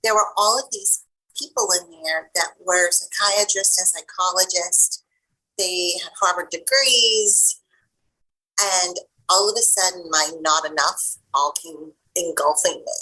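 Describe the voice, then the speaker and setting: A middle-aged woman, a guest coach, telling a personal story in an interview in an animated way, acting out the voices of the people in it. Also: on the low side, a little slow, slightly rough, low-quality recording. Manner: animated, acts out the voices of people in her stories.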